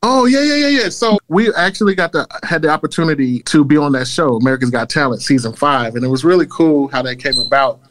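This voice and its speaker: A man chatting as a guest, playful and animated, often breaking into laughs. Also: mid-range voice, fast, hardly any pauses, low-quality recording. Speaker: guest, former pro dance team member. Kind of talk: casual chat.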